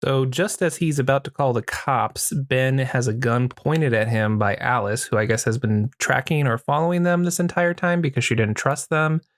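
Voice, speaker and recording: Male podcast host, casual crude movie recap, average pitch, dry booth-like mic. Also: moderate pace, hardly any pauses, dry recording. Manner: crude, joking retelling with acted quotes.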